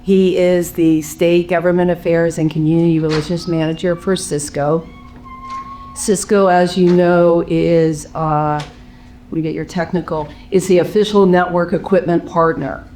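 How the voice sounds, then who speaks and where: A panel moderator praising a guest and introducing the next speaker, measured with frequent fillers. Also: mid-range voice, little pitch movement, darkish tone, faint music behind.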